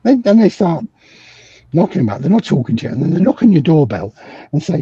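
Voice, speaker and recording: A man's voice: fairly high pitch, very animated, a little fast, warm tone, breathy edge, no echo, lo-fi sound. A middle-aged British man talking casually as a guest expert, wry and a little cynical. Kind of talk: casual video call conversation.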